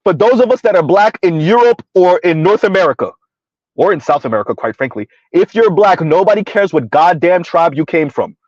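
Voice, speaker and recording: Blunt, mocking high-voiced man. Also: expressive, a little fast, darkish tone, no room sound. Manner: blunt, mocking, laughs often. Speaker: online commentator. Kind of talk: live-stream commentary reading chat. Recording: dull lo-fi dry sound.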